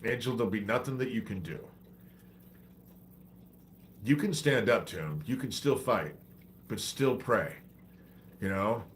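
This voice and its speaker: A man's voice: fairly low pitch, lively intonation, unhurried, long pauses, slight background noise. A man hosting a livestream, ranting in a profane, exasperated, preachy way while he has a head cold. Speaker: livestream host.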